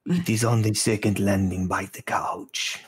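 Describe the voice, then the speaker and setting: A man's voice: on the low side, steady tone, measured pace, a little hiss or hum, lightly acted. A man voicing a polite, attentive shadow servant of a manor, speaking formally. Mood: courteous. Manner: formal, courteous.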